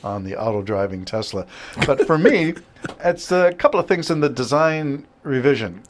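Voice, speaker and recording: A man's voice: mid-range voice, expressive, normal speed. A man hosting a podcast from a home studio, in rambling casual chat, laughing often. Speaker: podcast host.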